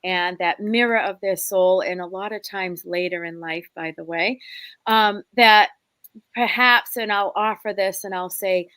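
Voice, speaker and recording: This woman speaks as a spirit medium guest on a talk show. Her storytelling is animated, and she jumps into other people's voices mid-story. The recording is dry and close. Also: fairly low pitch, measured pace, no echo. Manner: expressive, acts out quoted voices, laughs often. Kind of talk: animated storytelling in a casual interview.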